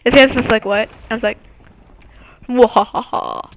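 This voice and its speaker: A woman with a high, bright, piercing voice gives excitable, taunting commentary on her own game straight to viewers. The sound is close and completely dry, picked up on a computer mic at home. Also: quick pace, dry recording. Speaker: gameplay commentator.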